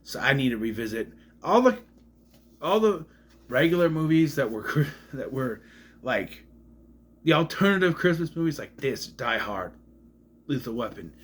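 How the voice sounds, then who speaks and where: Rambling man with lively pitch. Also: a little slow, long pauses, breathy edge. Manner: rambling, jokey, swears casually. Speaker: collection vlogger. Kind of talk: casual show-and-tell chat.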